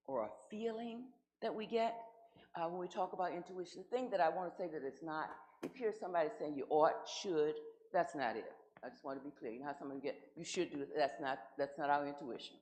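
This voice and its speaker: A woman's voice: low voice, a little mellow, rough recording. A woman guest minister giving a conversational sermon, posing rhetorical questions to her congregation.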